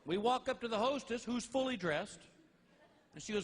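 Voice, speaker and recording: A middle-aged man telling stand-up stories about his family in a folksy, animated way, laughing at his own jokes. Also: sits high, brisk, husky. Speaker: stand-up comedian. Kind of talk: stand-up storytelling. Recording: live comedy album with faint noise.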